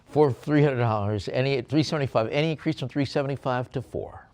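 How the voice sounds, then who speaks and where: A man's voice: medium pitch, brisk, darkish tone. A man working as an auctioneer, calling bids and describing artwork lots, with chatty, jokey asides between calls. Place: auction room.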